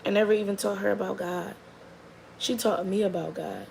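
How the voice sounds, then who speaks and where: Young mom vlogger with a gravelly voice, rambling storyteller who drifts between lively and quiet asides. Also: female voice, moderate pace, a little hiss or hum, rough recording. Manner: rambling and animated, with many likes and restarts; drops to a soft, low murmur for long stretches. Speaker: mother telling a story about her daughter. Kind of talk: casual storytelling to the camera.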